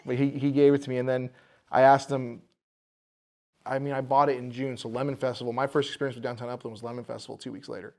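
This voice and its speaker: A man's voice: mid-range voice, flat delivery, fast talker, a little mellow. A man, a bar owner, telling the story of buying his building in a casual podcast interview, acting out the voices of the people in it.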